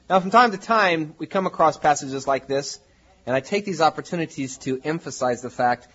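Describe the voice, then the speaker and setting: A man preaching to his congregation in a husky, somewhat high voice. He talks in a conversational way and builds to emphatic peaks. The recording is dull and lo-fi. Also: expressive, fairly quick, fairly bright tone. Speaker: pastor. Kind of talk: sermon.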